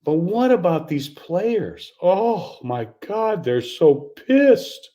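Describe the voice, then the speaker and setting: This older golf coach speaks in a high voice with big pitch swings, slow and dark-toned, ranting in exasperated disbelief. His opinionated commentary loops back on itself through restarts, repetition and sarcastic laughs.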